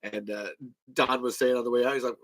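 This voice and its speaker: A man hosting a fan podcast, telling stories in a lively, casual way, acting out conversations, laughing and swearing often. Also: medium pitch, brisk. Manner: animated storytelling, acts out quoted exchanges, laughs often, swears casually. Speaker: podcast host. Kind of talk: casual livestream chat.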